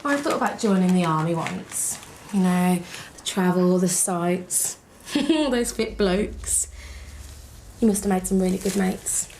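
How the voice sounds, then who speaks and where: A chatty nurse. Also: female voice, on the low side, unhurried, a little mellow, slight background noise. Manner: chatty, teasing. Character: chatty, cheeky nurse treating a wound.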